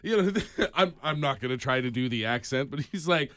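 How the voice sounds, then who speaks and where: A man's voice: fairly high pitch, normal speed, few pauses, no echo, studio quality. A Canadian man co-hosting a podcast, telling stories in casual chat and laughing often. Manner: animated storytelling, laughs often. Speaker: podcast co-host.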